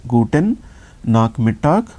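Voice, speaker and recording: A man from India with an Indian English accent, teaching a slow classroom lesson and patiently repeating each sound. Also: mid-range voice, sing-song, darkish tone. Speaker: language teacher.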